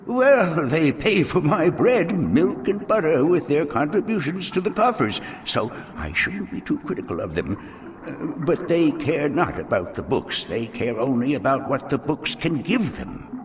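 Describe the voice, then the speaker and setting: A man's voice: on the high side, big pitch swings, unhurried, slight background noise. A man voicing a fussy, easily startled older male librarian with a prim, chatty, slightly pompous manner in a video game.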